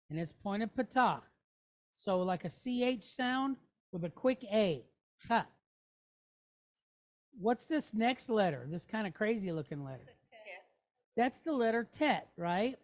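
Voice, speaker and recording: A woman teaching a Hebrew reading lesson, sounding out each syllable patiently and checking in with her listeners. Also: on the high side.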